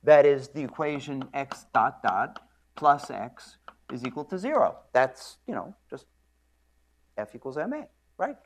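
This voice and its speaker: A man giving a university physics lecture in an animated storytelling manner, clearing his throat often. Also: medium pitch, a little slow. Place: lecture room.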